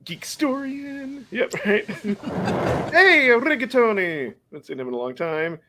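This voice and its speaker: A man's voice: high-pitched, very animated, slow pace, noisy background. A man hosting a casual podcast chat, chatty and laughing often, sometimes stumbling over names. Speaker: podcast host.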